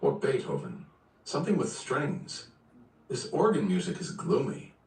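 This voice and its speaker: A man's voice: medium pitch, huge pitch swings, unhurried, darkish tone, voice pushed up. A man reading aloud plays a stern naval commander who gives curt orders. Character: stern middle-aged male naval commander. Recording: roomy, distant from the mic.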